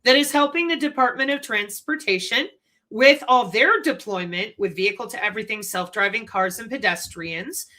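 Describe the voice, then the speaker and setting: Bright-voiced woman lecturing to her channel. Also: on the high side, normal speed. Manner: animated, conspiratorial lecturing with rhetorical questions. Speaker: channel host. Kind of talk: commentary.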